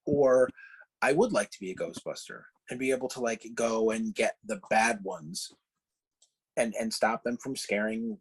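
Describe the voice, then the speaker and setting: A man hosting a casual chat over a video call from home, rambling with halting restarts. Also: mid-range voice, slightly rough, rough recording. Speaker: podcast host. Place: home, downstairs.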